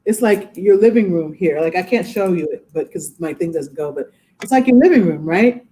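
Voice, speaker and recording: Animated woman judge telling stories. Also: lowish voice, moderate pace, slight background noise, rough recording. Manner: animated, acts out quoted voices. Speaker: judge, interview guest. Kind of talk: casual storytelling in a podcast interview. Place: her courtroom.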